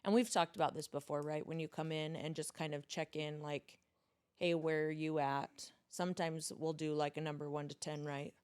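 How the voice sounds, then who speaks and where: A woman in her thirties co-hosting a podcast with her husband, reflective and soft-spoken as she talks through her feelings. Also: deep voice, fairly even intonation, fairly quick, hardly any pauses, clear, resonant tone. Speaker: podcast co-host. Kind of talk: casual chat.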